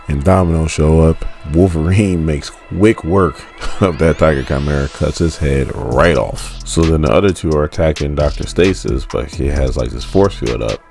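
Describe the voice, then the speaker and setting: A man's voice: very deep voice, darkish tone. A man casually recapping a comic book story, chatty and laughing often as he loosely retells the characters' lines.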